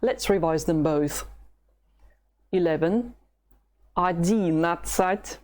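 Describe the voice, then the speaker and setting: A woman from Russia with a Russian accent, a patient language teacher who models words slowly for the listener to repeat. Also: lowish voice, darkish tone. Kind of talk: slow language lesson with repetition drills.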